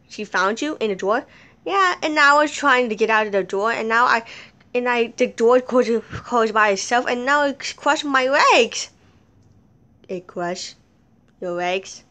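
A high, very animated woman talks her way through a home toy play. She shifts quickly between characters, her voice swooping up into shrieks. The tone is bright and the delivery unhurried. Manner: rapid back-and-forth dialogue with sudden shrieks.

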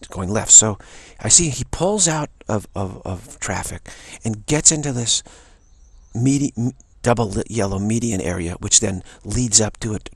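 A man's voice: fairly low pitch, slightly rough, no echo. A man telling a rambling, indignant story in a casual talk. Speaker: spiritual channel host. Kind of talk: casual spoken anecdote.

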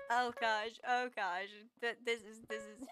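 A woman streamer with a fairly high voice chats casually with her viewers, laughing constantly. She stammers and repeats words in playful mock outrage.

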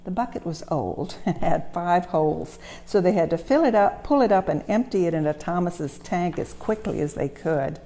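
A woman reading a children's story aloud as a museum storyteller, gentle and expressive. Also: lowish voice, moderate pace, hardly any pauses. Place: railway museum.

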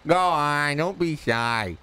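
A man's voice: on the high side, animated, takes it slowly, pushed and bright, smooth, voice pushed up, full character voice. A man doing a naive, goofy, chuckling guy. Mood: amused teasing. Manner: chuckling, good-natured teasing. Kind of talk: voiced role-play in a game.

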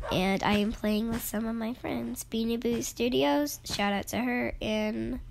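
A young woman with a sick, hoarse voice that keeps fading, chatting excitedly and giggling while she plays a game and talks to viewers. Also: on the high side, slow, very noisy. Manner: giggly and excitable, frequent laughs and squeals. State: sick, hoarse and losing her voice. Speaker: gaming YouTuber. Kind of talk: casual gameplay vlog.

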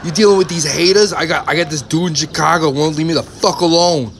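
A man plays a hyped-up, loud cartoon dude who gets shrill when he's worked up. The voice has a gravelly, fried texture under it. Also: quick pace, slight background noise, close to an everyday voice. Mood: excited. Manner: loud, excitable, high-pitched when worked up. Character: excitable young man calling everyone doggy.

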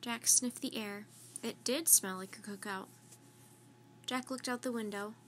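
A woman reading a children's story aloud in a gentle, clear, steady storytelling manner. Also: fairly high pitch, unhurried, slight background noise.

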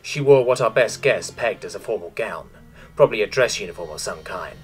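A man with a low-set voice reads a story aloud in a steady, measured audiobook style. Soft music plays quietly beneath his narration.

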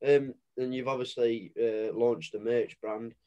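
A man's voice: medium pitch, fairly even intonation, measured pace, warm tone, dull audio. A young man hosting an interview, asking questions hesitantly and often stumbling and restarting his words. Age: young adult. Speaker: interview host.

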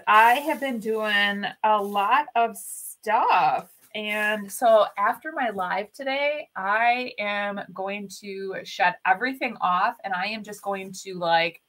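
Speaking in a sharp, medium-pitched voice, the host of a furniture-flipping craft channel runs a casual live stream. She greets viewers by name, reads out their comments, and rambles cheerfully with lots of fillers and self-corrections.

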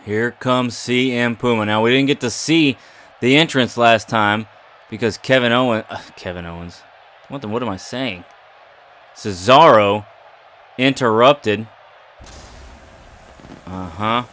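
A man's voice: mid-range voice, unhurried, long pauses, a bit bright. A man giving playful, jokey commentary over a wrestling video game and talking back to its characters. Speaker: gaming YouTuber. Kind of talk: casual gameplay commentary.

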